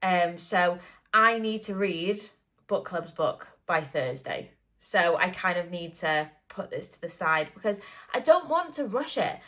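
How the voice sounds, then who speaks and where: A woman's voice: on the low side, lively intonation, a little slow, pushed and bright. A young British woman chatting at home in a casual book vlog, bubbly and gushing, with lots of likes and ums. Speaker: book vlogger.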